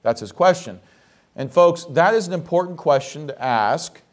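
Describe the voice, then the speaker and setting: A man's voice: fairly high pitch, lively intonation, moderate pace. A man, the pastor, preaching a sermon in a church, reading scripture aloud and asking the congregation rhetorical questions.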